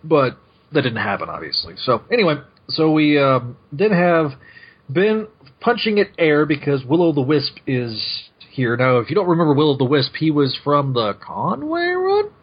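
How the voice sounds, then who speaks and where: Husky-voiced man rambling through a recap. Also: a little high, sing-song, moderate pace. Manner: rambling, self-correcting, laughs often. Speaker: podcast host. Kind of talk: casual chat recapping a comic. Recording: muffled lo-fi podcast mic.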